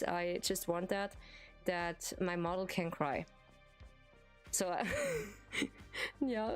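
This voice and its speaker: A woman streamer with a German accent, a native German speaker, chatting casually in English with lots of hesitations and giggles. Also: mid-range voice. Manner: hesitant, giggly, many fillers and restarts. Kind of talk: casual live-stream chat.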